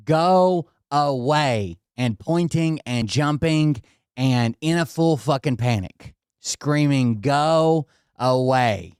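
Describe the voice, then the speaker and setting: A man with a smooth, resonant voice rambles through a casual story, swearing freely and talking straight to his viewers. He is indoors at home, and the sound is dry and close, with no room echo. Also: mid-range voice, a little mellow. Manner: rambling and profane, addresses viewers directly. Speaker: vlogger.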